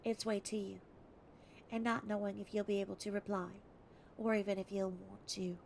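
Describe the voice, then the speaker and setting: A woman's voice: mid-range voice, flat delivery, moderate pace, gravelly, darkish tone, slight background noise, natural voice. A woman voicing a caring Australian woman in her thirties, reading her heartfelt letter aloud in a put-on Australian accent. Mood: earnest, kind.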